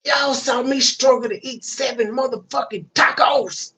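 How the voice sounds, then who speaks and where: A man's voice: very high-pitched, fairly even intonation, a little slow, bright, forceful tone, husky. A man hosting a reaction commentary, ranting with profane disbelief. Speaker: commentary channel host.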